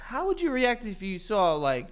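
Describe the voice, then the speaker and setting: Animated laughing New man. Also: high voice, moderate pace, clear, resonant tone. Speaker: podcast co-host. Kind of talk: casual chat.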